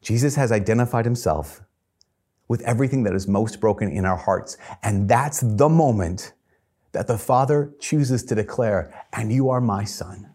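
Husky-voiced male preacher. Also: on the low side, expressive, moderate pace, dark tone. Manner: conversational, earnest preaching with chuckles. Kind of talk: sermon.

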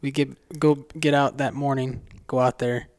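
Podcast co-host, man; mid pitch, relaxed step-by-step storyteller, dry recording. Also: moderate pace, no echo. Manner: relaxed, plays the scene out step by step. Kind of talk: casual storytelling chat.

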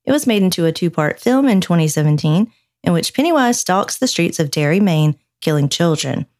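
A woman's voice: on the low side, expressive, brisk, darkish tone. A woman co-hosting a podcast who reads news stories aloud and teases her co-host, laughing often. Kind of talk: casual chat and reading news aloud.

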